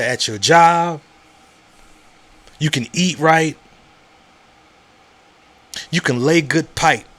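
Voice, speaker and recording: A man's voice: a little high, bright, forceful tone. Male podcast host, casual monologue, blunt and repetitive, conversational. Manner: conversational, repeats words and asks "you know what I'm saying?"; frank and profane.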